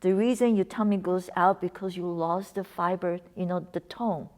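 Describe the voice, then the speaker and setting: A woman's voice: on the low side, steady tone, normal speed. Woman coaching a breathing lesson. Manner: coaching, encouraging, slips into soft whispers on cues. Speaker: wellness instructor.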